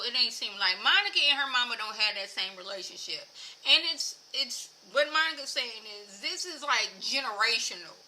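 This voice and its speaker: Chatty woman with a bright, high voice. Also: poor audio. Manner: animated, chatty, lots of filler words. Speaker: reality TV recap vlogger. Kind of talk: casual recap chat.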